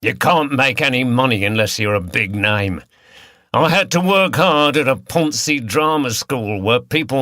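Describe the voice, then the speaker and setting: A man's voice: mid-range voice, bright, forceful tone, no room sound, clean studio sound. A man voicing a harsh, aggressive male criminal with a Cockney accent. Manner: snarling, slouching, aggressive.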